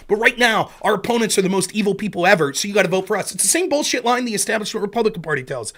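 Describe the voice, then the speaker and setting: A man with a strikingly high voice hosts a political stream from a home setup. He rants heatedly, swears often and slips into mocking sarcasm. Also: lively intonation, fast. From Pennsylvania. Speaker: political livestream host. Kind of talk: profane political rant.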